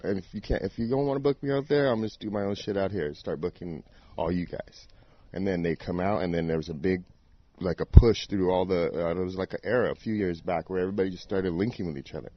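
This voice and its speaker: Low-voiced guy in his 40s, dj on a podcast, swears a lot, kinda rambly, muffled lo-fi sound. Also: quick pace, no echo. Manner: laid-back, profane, rambling storytelling. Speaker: podcast guest, DJ. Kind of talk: casual chat. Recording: dull lo-fi podcast audio.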